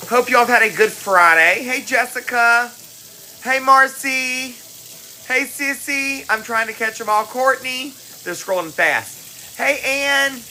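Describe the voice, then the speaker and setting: A woman's voice: on the high side, slow pace, bright, forceful tone, a little hiss or hum, poor audio. A woman hosting a cooking livestream, greeting viewers by name in a chatty, affectionate way. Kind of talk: casual live-stream chat. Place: home kitchen.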